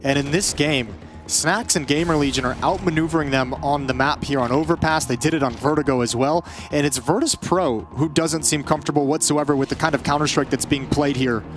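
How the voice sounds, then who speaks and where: Higher-voiced male analyst caster. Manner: analytical, with stammered restarts and slowed emphasis. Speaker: esports analyst. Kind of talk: color commentary.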